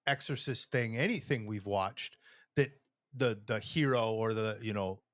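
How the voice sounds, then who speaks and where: A man's voice: fairly low pitch, measured pace, fairly bright tone, no room sound. A man co-hosting a podcast, reasoning through a point in casual chat and often restarting his sentences. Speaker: podcast co-host.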